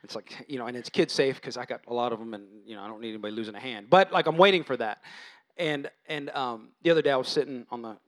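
A man's voice: medium pitch, fast. A man, a pastor, preaching a casual, conversational sermon that is full of asides, repeated words and acted-out quotes. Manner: conversational, animated, acts out quoted voices.

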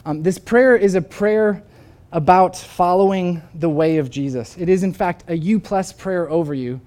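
A pastor preaching with a warm, mellow voice, telling a story in an earnest, unhurried way. He draws the listeners in before leading them into a prayer. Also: high-pitched. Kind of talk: sermon.

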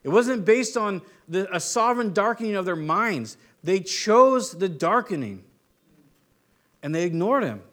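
A man's voice: high voice, very animated, unhurried, a bit bright. A man preaching a sermon, teaching conversationally with rhetorical questions and restarts. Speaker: pastor.

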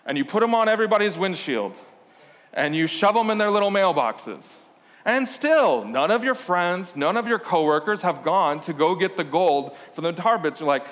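A man preaches a sermon in a relaxed, conversational tone, slipping into playful storytelling. His voice sits a little on the high side. Long reverb from a church hall trails every phrase. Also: moderate pace. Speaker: pastor.

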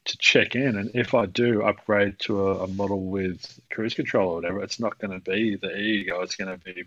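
Man, coach, podcast chat, lowish voice, rambling, laughs a lot, dull lo-fi sound, dry close mic. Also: steady tone, a little fast, a bit bright, no room sound. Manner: rambling, laughs often, acts out quoted voices. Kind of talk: casual podcast conversation.

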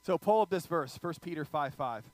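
Male pastor, bright high voice, playful sermon storyteller. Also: moderate pace, dry recording. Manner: animated, joking, audience asides.

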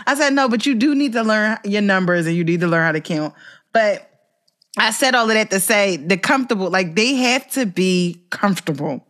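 A young adult woman, a teacher, chatting casually and telling animated stories, acting out voices and laughing often. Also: normal speed. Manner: animated storyteller, acts out voices with big pitch jumps; laughs often mid-story. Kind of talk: casual chat.

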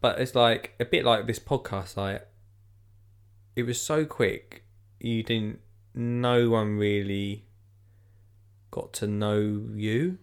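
A man's voice: fairly low pitch, slow pace, clean tone. A man hosting a podcast in rambling, jokey casual chat. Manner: rambling, jokey, lots of fillers. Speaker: podcast host.

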